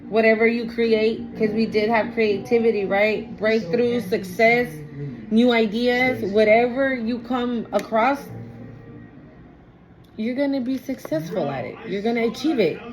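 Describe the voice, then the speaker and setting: A woman's voice: a little high, unhurried, crowd noise, rough recording. A woman giving a casual tarot reading, blunt, emphatic and full of swearing. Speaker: tarot reader.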